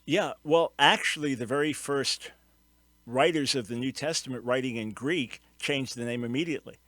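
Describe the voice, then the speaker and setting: A man's voice: mid-range voice, moderate pace, fairly bright tone, no echo. A man hosting a call-in radio show, explaining with earnest emphasis and taking callers.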